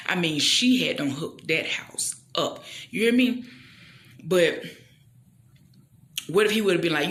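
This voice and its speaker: A woman tells a story in a casual, chatty way, with a faith message woven through it. Her voice is bright and clear, and she swings up high when she acts out the people in the story. She keeps checking in with her listener as she talks. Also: moderate pace. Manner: animated, acts out the people in her story with big jumps in pitch.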